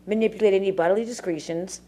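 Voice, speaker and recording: A woman's voice: mid-range voice, warm tone, slight background noise. A woman ranting casually to camera in a rambling, profane way, full of fillers. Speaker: vlogger.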